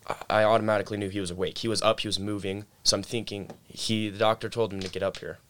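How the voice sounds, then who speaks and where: Young male guest, slightly low voice, relaxed storytelling with lots of filler words. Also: fast talker, a little hiss or hum. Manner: laid-back storytelling, heavy on "like" and "dude". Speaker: guest telling his story. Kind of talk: casual chat.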